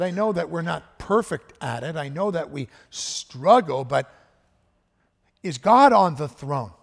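A man preaching a sermon as pastor, earnest, swinging between hushed and emphatic delivery. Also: medium pitch, creaky, slightly rough. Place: church sanctuary. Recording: echoey church hall with long reverb.

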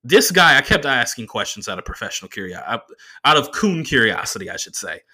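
Animated, profane man in his thirties. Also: mid-range voice, brisk. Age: 30s. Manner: profane, animated, laughing asides. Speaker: podcast host. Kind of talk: solo comedic storytelling.

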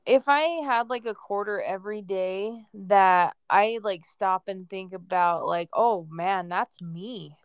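A woman's voice: medium pitch, smooth, dry recording, clean studio sound. A woman co-hosting a parenting podcast, chatting casually about her kids and laughing easily. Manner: slow, relaxed, laughs easily. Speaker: podcast co-host, mother. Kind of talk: casual chat.

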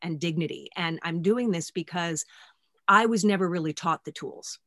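Frank, lowish-voiced woman host. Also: a bit bright, dry recording, clean studio sound. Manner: frank, self-deprecating, halting restarts. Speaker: podcast host. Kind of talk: candid podcast conversation.

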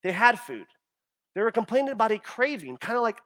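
This pastor's sermon is animated, his high voice moving fairly quickly. He keeps stumbling and repeating words as he plays out what the people complained about.

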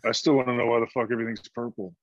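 A man's voice: medium pitch, little pitch movement, very fast, no room sound, muffled recording. A man playing in a tabletop game, talking in a casual, joking way. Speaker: player. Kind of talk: casual tabletop role-play.

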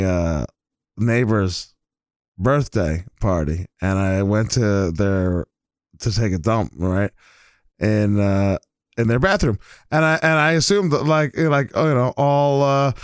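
A man hosting a casual podcast, telling stories in a rambling, halting way with lots of fillers and restarts. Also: on the low side, no room sound, studio quality. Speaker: podcast host.

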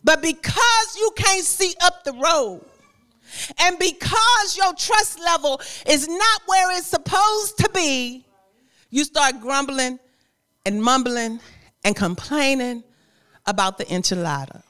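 Woman preacher, sermon delivery, slow and deliberate, sharp bright tone, laughs and speaks directly to the congregation. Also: high-pitched. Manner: conversational, lively preaching with repetition and frequent laughter.

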